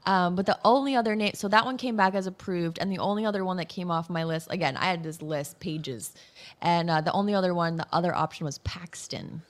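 A woman from Massachusetts, a professional wrestler, telling stories as a guest in a casual interview. She is animated and chatty and laughs often. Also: lowish voice, brisk.

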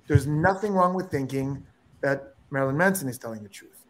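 A man's voice: medium pitch, lively intonation, a little fast, a bit bright. A man guest on a casual livestream, speaking earnestly and emphatically, repeating words as he pushes a point.

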